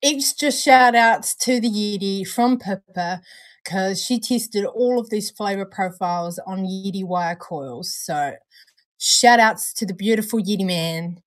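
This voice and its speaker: A woman talks casually on a live stream, taking her time over every sentence. She is chatty and relaxed, trailing off mid-thought and laughing often. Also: medium pitch, a little slow. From Australia or New Zealand. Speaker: co-host of a vape review stream.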